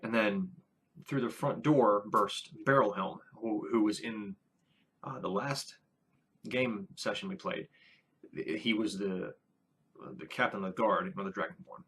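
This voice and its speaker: A man's voice: lowish voice, a little slow, fairly bright tone, breathy edge. A man who is a first-time dungeon master, recapping his latest tabletop session in a casual vlog, rambling with many fillers and restarts.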